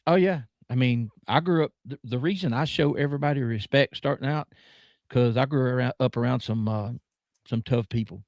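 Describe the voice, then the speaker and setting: A man with a Southern US accent talking as a guest in an easygoing chat. He rambles and leans on filler words, yet enunciates deliberately. His voice sits mid-pitch and sounds dry and close. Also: a little mellow, no room sound. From American South. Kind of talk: casual chat.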